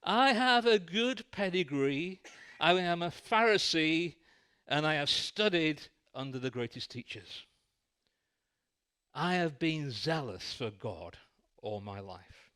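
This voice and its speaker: A man's voice: fairly high pitch, expressive, takes it slowly, long pauses, a bit bright. A man voicing a devout, zealous man earnestly laying out his credentials and faith. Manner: earnest, emphatic.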